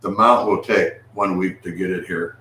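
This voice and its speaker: A man's voice: deep voice, steady tone, normal speed, pushed and bright. A man hosting a casual live stream, rambling with restarts and calling out to viewers. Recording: echoey room with faint noise.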